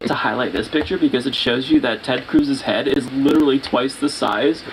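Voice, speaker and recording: A man's voice: mid-range voice, normal speed, low-quality recording. Dry-spoken man with noise behind him. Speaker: host. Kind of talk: casual commentary introducing clips.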